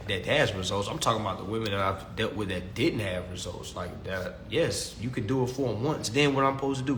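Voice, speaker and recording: A man's voice: mid-range voice, fairly bright tone, reverberant, slight background noise. A man preaching to his livestream audience in a casual, slangy monologue, emphatic and given to repeating himself. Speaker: livestream host answering chat.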